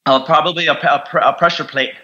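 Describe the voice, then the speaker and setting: A young man, a Marine veteran, telling his story bluntly in an interview, with heavy swearing and halting restarts. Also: on the high side, fairly even intonation, pushed and bright, muffled recording.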